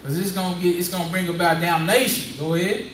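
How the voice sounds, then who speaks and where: A man with a high-pitched, steady voice preaches fast in a conversational call-and-response style, prodding a reader through a Bible passage and repeating his points. The echoey room and distant mic leave faint ambience and slight background noise.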